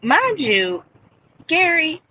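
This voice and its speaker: A woman gives a casual, outspoken recap of a TV episode on a live stream, talking straight to her viewers. Her voice sits in a middle pitch, picked up by a headset mic with a slightly dull sound and a faint hiss behind her. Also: big pitch swings, extremely slow. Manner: blunt, opinionated, talks straight to viewers. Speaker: TV show reviewer. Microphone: earbud headset.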